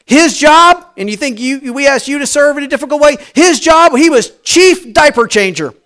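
A man preaching a sermon, swinging from shouting to hushed tones. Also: very high voice, lively intonation, normal speed. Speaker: pastor.

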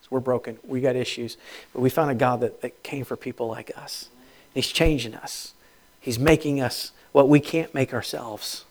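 A man preaching a sermon, moving from quiet, intimate lines to loud, emphatic peaks, laughing between phrases. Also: mid-range voice, fairly even intonation, moderate pace. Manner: swings from hushed to loud, rising emphatic preaching; laughs between phrases, speaks in quoted inner voices. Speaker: pastor.

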